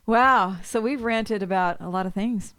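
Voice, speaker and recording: A woman's voice: medium pitch, unhurried, a bit bright, clean tone, no room sound. Laughing woman podcast co-host. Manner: laughs often, reacts with short interjections. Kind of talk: casual chat.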